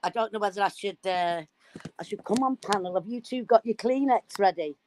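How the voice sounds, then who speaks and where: A woman telling a story in casual chat, animated and swearing freely. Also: mid-range voice, a little fast. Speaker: live stream guest.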